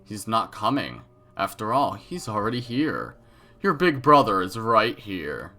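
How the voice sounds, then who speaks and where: A man's voice: on the low side, very animated, unhurried, sharp tone, faint music behind, full character voice. A man with a cold voicing a creepy, menacing young male villain in a game reading, with sinister laughs. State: has a cold.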